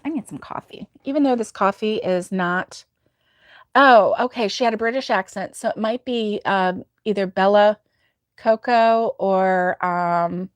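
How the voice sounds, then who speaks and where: Slow, chatty woman hosting a livestream. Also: mid-range voice, lively intonation, no echo, studio quality. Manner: chatty, rambling, laughs often. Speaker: crochet livestream host. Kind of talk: casual chat reading viewer comments.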